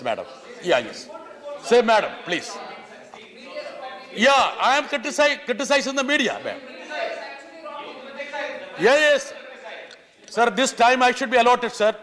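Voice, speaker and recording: A man giving an impassioned parliamentary speech, often pleading "sir" and sometimes shouting. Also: high voice, big pitch swings, moderate pace, pauses often, a crowd in the background. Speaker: member of parliament. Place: large parliament chamber. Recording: long reverb of a large chamber.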